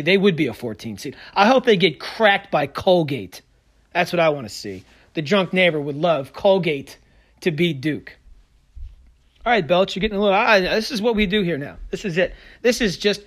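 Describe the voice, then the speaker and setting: Alone on his podcast, a man rants hotly about sports, full of sarcasm and eager for a fight. He pitches a little above the typical male range and alternates between shouting bursts and quiet grumbled remarks.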